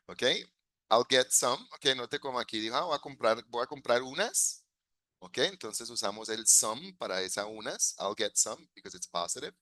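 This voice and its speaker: Bright-voiced bilingual English teacher man. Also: mid-range voice, expressive, no room sound. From United States. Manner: mixes in Spanish, laughs often, slow modeling of phrases. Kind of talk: online English class.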